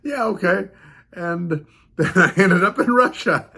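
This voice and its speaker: A man's high, sharp voice carries lively intonation at a measured pace as he vlogs. He's a fighter heading to a fight in the northeastern US, and his casual, rambling story comes with lots of chuckles and repeated lines.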